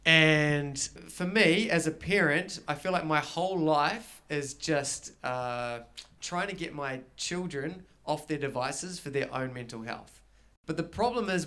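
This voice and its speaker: A middle-aged man with a New Zealand accent doing stand-up comedy, telling stories with animated delivery and acting out characters. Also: fairly high pitch, noisy background. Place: garage venue with live audience.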